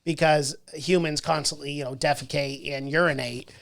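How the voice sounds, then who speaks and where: A mid-pitched voice hosting a casual book club podcast. They ramble through their thoughts and keep restarting and correcting their wording. They laugh easily along the way. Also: steady tone, normal speed, creaky, fairly bright tone.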